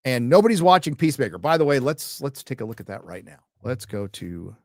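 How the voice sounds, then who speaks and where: A man from the United States hosts a casual live stream, reading donor messages with wry, joking asides. His voice sits at a middle pitch and comes through a close desk mic with a dry, dead sound. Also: big pitch swings, fairly quick, no room sound. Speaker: livestream host reading donations.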